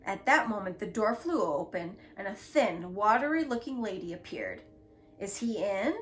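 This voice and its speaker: A woman reading a children's book aloud in a gentle, expressive storytelling manner. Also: medium pitch, normal speed, a little hiss or hum. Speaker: storybook reader.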